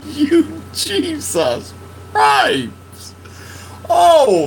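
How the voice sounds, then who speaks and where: A man's voice: fairly high pitch, big pitch swings, drawn-out words, pauses often, slight background noise, rough recording. A man telling a story in a casual podcast monologue, profane and laughing, venting his emotions. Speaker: podcast host.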